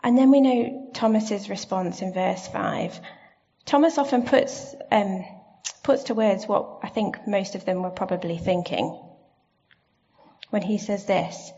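A woman giving a sermon in a church, gentle and reflective, asking her listeners questions. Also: medium pitch, a little slow. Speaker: preacher. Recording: slightly dull lo-fi sound.

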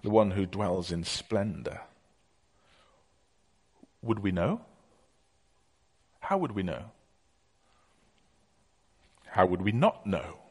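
A man's voice: low voice, lively intonation, slow pace, pauses often, breathy edge. A middle-aged man preaching a conversational sermon, telling stories with many fillers.

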